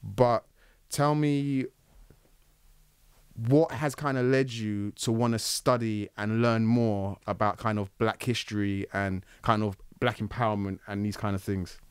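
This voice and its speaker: A man's voice: lowish voice, fairly even intonation, unhurried, clean tone, no echo. A man hosting a casual interview who asks long, winding questions full of fillers. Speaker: interview host.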